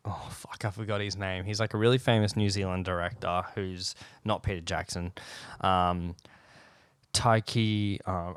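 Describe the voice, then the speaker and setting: A young Australian man rants through a casual solo podcast in a fairly low voice, rambling, animated and swearing freely. He sits close to the mic in a dry, dead room with no echo at all. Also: clean tone. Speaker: podcast host.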